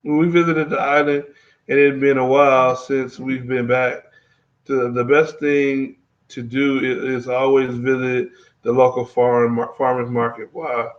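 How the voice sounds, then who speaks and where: A man's voice: medium pitch, level tone, measured pace. A man hosting a casual travel live stream, talking loosely with many fillers and reading viewer comments aloud. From Texas. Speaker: travel vlogger host. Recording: dull lo-fi live-stream audio.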